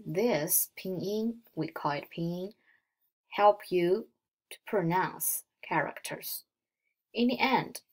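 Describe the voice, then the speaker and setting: Unhurried woman teaching with a Mandarin accent. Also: lowish voice. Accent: Mandarin Chinese. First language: Mandarin Chinese. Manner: explains slowly step by step, models tones aloud. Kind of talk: recorded slideshow lesson.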